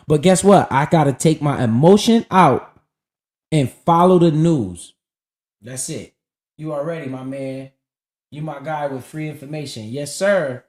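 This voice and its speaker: A man's voice: a little high, moderate pace, a little mellow. A man streaming live, casually talking about investing in a profane, hyped and preachy way.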